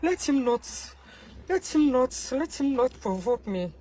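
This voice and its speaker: A young Nigerian woman with a Nigerian accent scolds and warns in an angry rant straight to camera, shifting between shouts and low pleading. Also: lively intonation, unhurried, rough recording. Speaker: social media personality.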